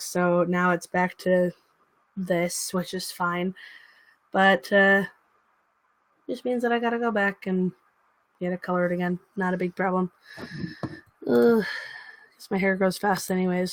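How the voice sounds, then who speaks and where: A woman's voice: on the low side, no room sound. A young woman hosting a casual livestream, chatting to viewers and cooing baby talk to her dog. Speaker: livestream host.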